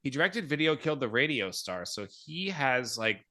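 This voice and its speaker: Male podcast host, animated and self-deprecating, bright tone. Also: mid-range voice, normal speed. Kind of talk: casual podcast chat.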